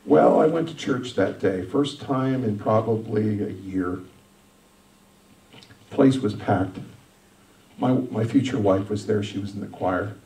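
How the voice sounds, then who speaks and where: A man, a senior pastor, telling his own story in a sermon, emphatic, swinging between loud and soft. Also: lowish voice, slow, long pauses, reverberant, recorded from a distance, low-quality recording. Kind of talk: sermon testimony.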